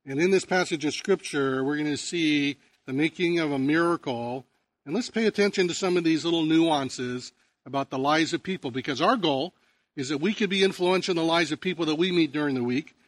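A man's voice: on the high side, dry recording. Conversational storytelling preacher man. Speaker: pastor and teacher. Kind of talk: sermon.

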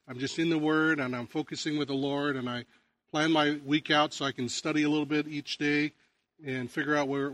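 A pastor preaching in a conversational way, telling stories and often restarting phrases. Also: male voice, mid-range voice, fairly bright tone, no room sound. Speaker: pastor and teacher. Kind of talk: sermon.

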